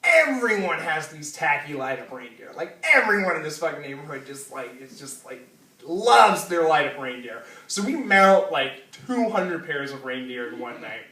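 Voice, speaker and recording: A man's voice: on the high side, sing-song, normal speed, bright, forceful tone, reverberant, recorded from a distance, poor audio. A man telling a funny personal story live, casual and laughing, with lots of fillers and swearing.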